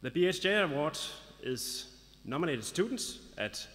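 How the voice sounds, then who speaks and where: At a graduation ceremony in a large hall, a man speaking for a local business association gives a formal address sprinkled with light humor, in an announcer's manner. His voice is a little high and fairly bright, very animated at a moderate pace, and the hall adds long reverb.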